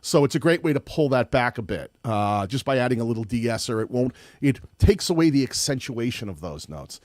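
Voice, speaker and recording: A man with a slight lisp hosts a live tutorial, chatting loosely with plenty of restarts. His voice sits at an ordinary pitch, and the recording is close and dry with no room sound. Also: very animated, brisk, a little mellow, no room sound. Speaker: host. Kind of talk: live-streamed audio tutorial, reading chat.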